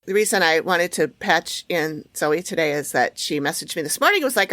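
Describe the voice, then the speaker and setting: Woman host, lower voice, dry sound, long explaining turns. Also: lively intonation, fairly quick, hardly any pauses, pushed and bright, no echo. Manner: explains at length, acts out quoted exchanges. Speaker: podcast host. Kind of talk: casual chat.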